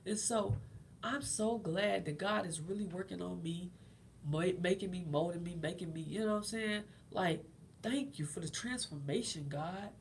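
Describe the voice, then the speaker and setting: Her fairly low voice moves at a moderate pace, and the recording carries a little hiss or hum. The middle-aged woman hosts her own channel, offering viewers casual, encouraging talk about faith and repeating phrases often.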